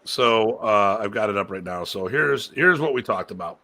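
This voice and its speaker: A man's voice: lowish voice, lively intonation, normal speed, pushed and bright. A man hosting a casual live-stream discussion as a martial arts instructor, rambling and emphatic, prone to launching into rants.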